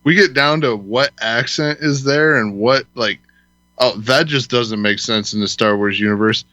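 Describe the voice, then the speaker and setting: A man's voice: medium pitch, moderate pace, bright, forceful tone, no echo. A man hosting a podcast, emphatic and opinionated in casual chat. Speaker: podcast host.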